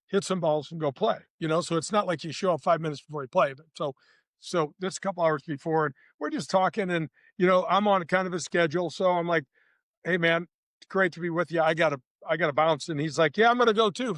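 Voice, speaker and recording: A man's voice: on the high side, fairly bright tone, dry recording. A man in his sixties, a retired tour golfer, telling stories in a casual interview, rambling with restarts and acting out quotes. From St. Louis, USA. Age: 60s.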